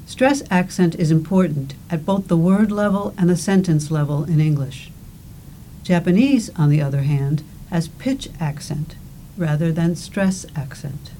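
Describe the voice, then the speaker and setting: A woman giving scripted instructional narration for a language course, speaking deliberately and enunciating with care. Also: lowish voice, dark tone, a little hiss or hum, low-quality recording. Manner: slow, deliberate, careful enunciation.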